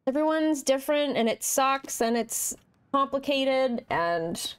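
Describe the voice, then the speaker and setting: A young woman streaming a story game, chatting casually and reading the in-game text aloud with animated, rambling asides. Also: high-pitched, a little slow, clear, resonant tone.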